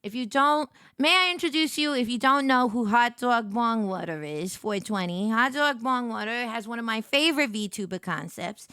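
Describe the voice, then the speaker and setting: A woman's voice: on the high side, animated, normal speed, hardly any pauses, bright, forceful tone, clean tone, no echo, studio quality. A woman hosting a casual reaction stream, giggly and playful as she chats. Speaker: streamer host.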